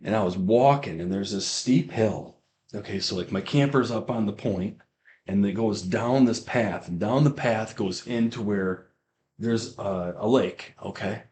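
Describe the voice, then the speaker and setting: A man's voice: lowish voice, a little slow, darkish tone. A young man telling a personal faith testimony on a podcast, rambling, with many restarts and fillers. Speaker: guest giving a testimony.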